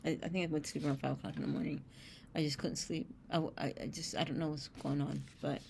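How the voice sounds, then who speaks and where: A woman's voice: low voice, flat delivery, fast, gravelly, a little mellow, slight background noise. A woman hosting a spiritual show, reading oracle cards aloud and breaking off into blunt, streetwise asides with casual swearing. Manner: blunt, streetwise, swears freely, reads card texts aloud.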